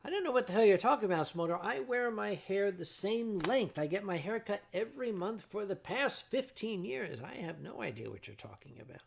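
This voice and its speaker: A man hosting a livestream, telling a story to his chat in a sardonic, animated way and acting out his own shouting. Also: sits high, brisk, gravelly, few pauses. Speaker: livestream host.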